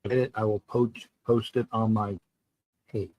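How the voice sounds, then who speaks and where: Man hosting a fan livestream, slow and rambling, repeats and restarts himself, close dry sound. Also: lowish voice, little pitch movement, no room sound, muffled recording. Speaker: sports talk livestream host. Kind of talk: casual live-stream chat reading viewer comments.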